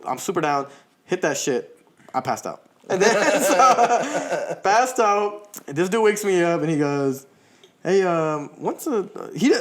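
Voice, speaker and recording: A man co-hosting a podcast, telling a long story in casual chat, laughing often and swearing freely. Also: a little high. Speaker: podcast co-host.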